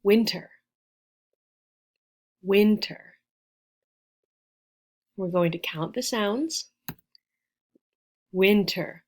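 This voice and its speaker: A woman teaching a beginner English lesson, patiently sounding out letters and praising her learners. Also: on the low side. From United States. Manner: slow, patient, encouraging, spells out sounds. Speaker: ESL teacher.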